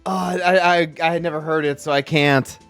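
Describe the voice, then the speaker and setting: Clear-voiced male game streamer. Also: fairly high pitch, steady tone, moderate pace, a bit bright, faint music behind. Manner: rambling, joking, frequent restarts. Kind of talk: casual gameplay commentary.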